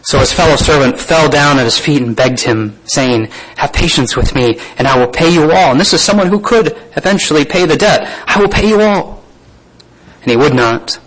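A man's voice: fairly high pitch, slight background noise, low-quality recording. A man preaching a sermon to a room of listeners, reading scripture aloud and breaking off into plain spoken asides and questions. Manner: reads scripture then comments with asides and soft laughs.

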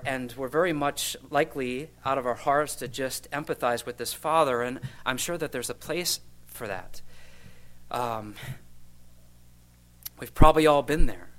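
A man preaching an expository sermon, reading scripture aloud and then commenting with gentle asides. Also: medium pitch, low-quality recording.

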